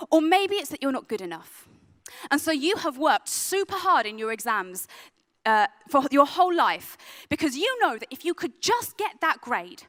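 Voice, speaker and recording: A young adult woman who works with youth, giving an earnest sermon that drops to a soft, hushed tone on heavy points. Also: high voice. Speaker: youth worker and speaker. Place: event venue.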